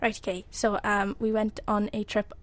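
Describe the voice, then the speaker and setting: A woman's voice: mid-range voice, monotone, normal speed, dry recording. Giggly woman telling a story. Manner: giggly, self-deprecating storyteller. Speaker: podcast co-host. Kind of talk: casual chat.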